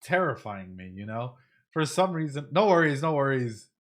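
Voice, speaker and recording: A man giving casual reaction commentary to an animated show on a live stream, talking straight to his chat and often repeating phrases. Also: mid-range voice, moderate pace. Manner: chatty, repeats phrases, addresses chat directly; thinks in Spanish at times.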